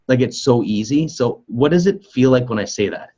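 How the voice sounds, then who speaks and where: A man co-hosting a relationship coaching podcast, telling lively stories and acting out other people's lines. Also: medium pitch, a little fast, muffled recording. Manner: animated storyteller acting out quotes. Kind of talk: live coaching conversation.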